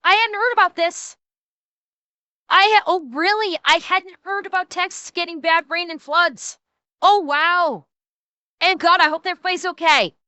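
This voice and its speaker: A woman streamer giving casual, excitable reaction commentary, swearing and restarting her sentences. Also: very high-pitched, measured pace, dry recording.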